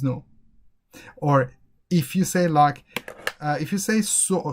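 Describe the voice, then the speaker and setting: Slow-paced male English teacher. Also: fairly high pitch, darkish tone. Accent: Persian. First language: Persian. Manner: explains slowly, demonstrates phrases by repeating them with different intonation. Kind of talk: online exam-prep lesson.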